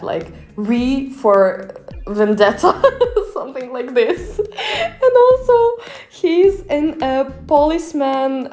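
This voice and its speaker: Giggly young woman with lively pitch. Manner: giggly, laughs often, playful put-on voices. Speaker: vlogger reviewing cat costumes. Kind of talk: casual reaction commentary.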